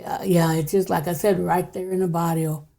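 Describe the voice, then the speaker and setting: Low gravelly older woman, hushed telling. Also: little pitch movement, normal speed. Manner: hushed, drops to near whisper at times. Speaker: podcast guest, psychic. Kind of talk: casual storytelling.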